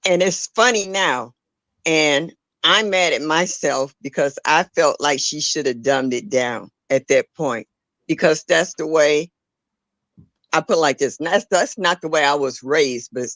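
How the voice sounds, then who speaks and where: A woman's voice: low voice, a little slow, fairly bright tone, no room sound. An older woman, a grandmother, telling an earnest story in a casual live audio chat, restarting her sentences now and then. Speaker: caller in a live audio discussion.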